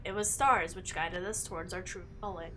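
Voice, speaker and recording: A woman's voice: on the low side, fairly even intonation, moderate pace, fairly bright tone. A woman streaming a game who reads the story text aloud and breaks off into joking asides. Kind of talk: live game playthrough, reading the story aloud. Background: game music.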